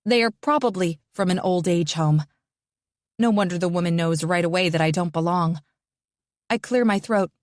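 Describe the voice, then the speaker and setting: A woman narrating a first-person psychological thriller audiobook in a tense, measured way. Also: lowish voice, a little mellow, no echo, clean studio sound.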